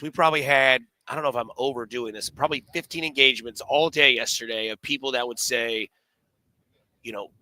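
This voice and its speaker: Man, sports radio host, casual rambling chat, very bright tone. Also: medium pitch, no room sound, low-quality recording. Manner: rambling storyteller, many fillers and restarts.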